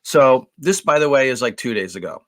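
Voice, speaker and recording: A man co-hosting a podcast, telling a long story in a casual, animated way with lots of swearing. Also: medium pitch, brisk. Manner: animated, profane, acts out raised voices. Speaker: podcast co-host.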